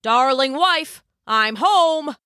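A woman's voice: sits high, animated, extremely slow, sharp tone, no room sound, clean studio sound, heavily acted. A woman voicing a flustered middle-aged male farmer who is easily rattled, in a storybook tale. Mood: alarmed.

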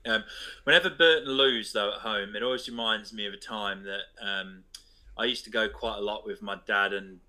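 Man, podcast co-host, bright and sharp tone, low-ish voice, rambling anecdotal chat. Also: rough recording. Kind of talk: casual chat.

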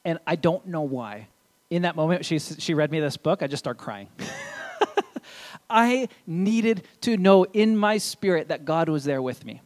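A man's voice: on the high side, expressive, a little slow. A young adult man preaching a sermon in church, in a casual, conversational way with asides. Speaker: pastor.

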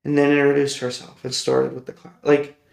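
A man's voice: mid-range voice, monotone, fairly quick, vocal fry. A man hosting a personal storytelling podcast, rambling and correcting himself as he goes, laughing often. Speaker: podcast host. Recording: roomy echoey recording.

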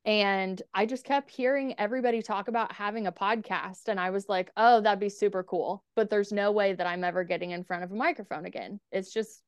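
A woman's voice: mid-range voice, steady tone, brisk, few pauses, smooth, no room sound, studio quality. A woman guest on a podcast telling stories in a casual, candid way, swearing freely and acting out conversations. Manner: candid, swears freely, quotes herself and others in dialogue. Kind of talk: casual storytelling interview.

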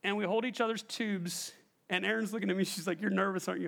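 A man gives a sermon in a church hall, his voice sitting high for a man. He tells a personal story with animated energy and keeps turning to the congregation with questions. He speaks into a stage microphone. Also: fast talker, creaky, slight background noise. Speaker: pastor.

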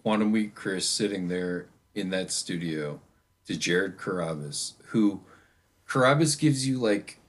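A man's voice: low voice, animated, measured pace. A man in a casual podcast chat, talking bluntly with profanity and trailing fillers. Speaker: podcast co-host.

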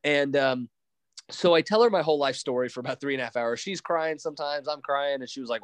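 A man's voice: medium pitch, fast talker, no room sound. A man telling a personal story in a casual interview, acting out bits of dialogue and restarting sentences often. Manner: animated, quotes dialogue, frequent restarts. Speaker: interview guest.

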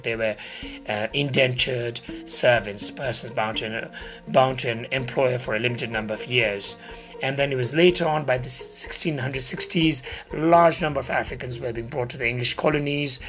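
A man's voice: medium pitch, vocal fry, a bit bright. A man from Asia giving a casual, informal lecture as a video host, chatty and hesitant with many fillers and asides. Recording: music playing behind.

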